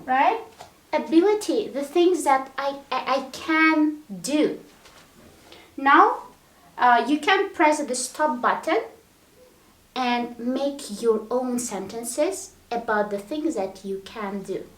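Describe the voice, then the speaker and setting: A woman's voice: high voice, animated, slow. A woman teaching an English grammar lesson, speaking patiently and repeating words one at a time to show the stress. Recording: echoey room.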